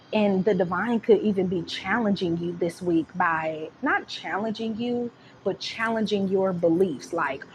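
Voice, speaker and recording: A woman giving a casual tarot reading, talking in an animated, slangy and profane way, with home background noise. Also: mid-range voice. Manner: animated, slangy and profane, breaks into laughs and sung lines. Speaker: tarot reader.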